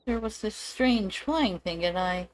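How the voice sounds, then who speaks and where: A woman voicing a timid young maid, speaking in a frightened, halting way. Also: mid-range voice, pitched above the performer's own voice, close to an everyday voice, low-quality recording.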